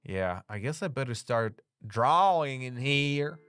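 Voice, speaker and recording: A relaxed live streamer talks with viewers while drawing, in an unhurried and clean, resonant voice. The talk is loose and full of "like," with quick laughs and casual swearing. Faint music plays quietly under the voice. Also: mid-range voice, clear, resonant tone, dry recording. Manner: chatty, laughs often, swears freely, fills with "like". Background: faint background music.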